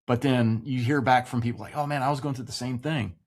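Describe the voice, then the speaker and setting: A man's voice: medium pitch, steady tone, quick pace. A man in his forties, a military veteran, animatedly telling a personal story in casual podcast chat, swearing freely and acting out quoted voices. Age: 40s.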